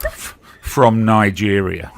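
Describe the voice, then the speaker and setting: A man's voice: fairly low pitch, slow pace, creaky. A man calling into a livestream chat, blunt and teasing, swearing freely as he argues his point. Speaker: guest caller on a livestream. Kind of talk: casual argumentative chat.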